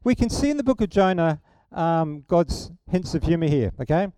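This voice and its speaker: A middle-aged man preaching a sermon, telling a story in an animated, humorous way. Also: fairly high pitch, moderate pace, clean tone, dry recording.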